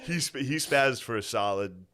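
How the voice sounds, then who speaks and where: A man's voice: medium pitch, expressive, moderate pace, fairly bright tone. A man in his thirties co-hosting a podcast, telling family stories in casual chat, swearing and laughing as he goes. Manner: profane, laughing storyteller, mimics family. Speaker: podcast co-host.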